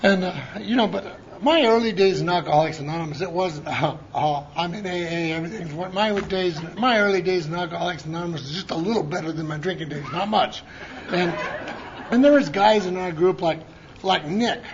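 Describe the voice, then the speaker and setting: A conference speaker from Montana recounts his recovery in a high, fairly quick voice, the lo-fi tape from the conference hall carrying a little hiss or hum. His telling is folksy and meandering, with many restarts and acted-out voices for those he quotes.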